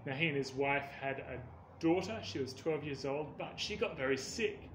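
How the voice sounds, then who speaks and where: A man narrating a children's story in an earnest, expressive way, lifting his voice on key words. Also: mid-range voice, normal speed, background noise. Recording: echoey room.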